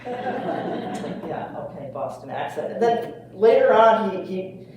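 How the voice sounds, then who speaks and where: A woman's voice: mid-range voice, very animated, slow pace, a little mellow. An older woman telling a funny family story on stage in a chatty way, with fillers. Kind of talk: live comic storytelling. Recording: echoey room, mic far off.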